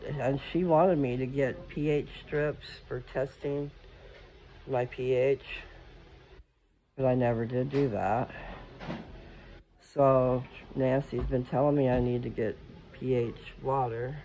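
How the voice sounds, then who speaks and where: A man's voice: mid-range voice, fairly even intonation, measured pace, pauses often, warm tone, muffled recording, a little hiss or hum. A man vlogging casually at home, talking in a scattered, rambling way straight to his viewers as he walks between rooms. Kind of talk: casual rambling vlog talk.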